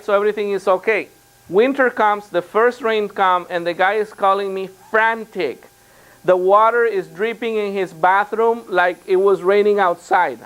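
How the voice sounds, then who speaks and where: Man, high pitch, real estate trainer, storytelling, acts out the dialogue. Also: clear, resonant tone. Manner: animated anecdotes with quoted dialogue. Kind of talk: storytelling seminar talk.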